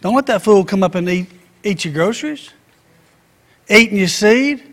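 High-voiced preacher in an echoey hall. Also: male voice, lively intonation, moderate pace, fairly bright tone. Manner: rhetorical questions, acting out everyday voices. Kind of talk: sermon.

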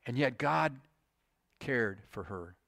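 A man's voice: medium pitch, expressive, slow pace, gravelly, a bit bright, no echo. A man preaching a sermon to his congregation, earnest, often restarting his sentences and asking the listeners questions. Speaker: pastor.

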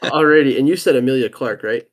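A man's voice: mid-range voice, fast talker. Giggly man leading a podcast list. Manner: giggly, asks questions. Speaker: podcast co-host running the list. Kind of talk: casual group chat.

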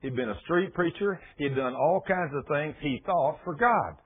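A man preaching a sermon who tells a story dramatically and drops to a hush when he quotes someone. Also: a little high, animated, moderate pace, slight background noise. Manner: dramatic retelling, dropping to hushed tones for quotes. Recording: tinny phone-like radio broadcast.

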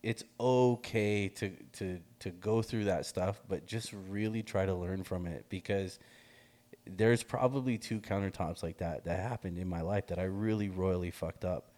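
A middle-aged man telling a story in casual chat, animated, laughing often and swearing freely. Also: deep voice, normal speed.

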